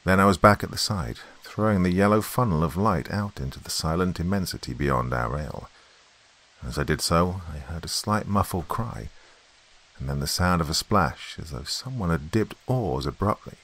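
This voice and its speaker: A man narrates a classic horror story for a podcast in a measured, suspenseful reading. His voice sits very low, husky, with wide rises and falls. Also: a bit bright.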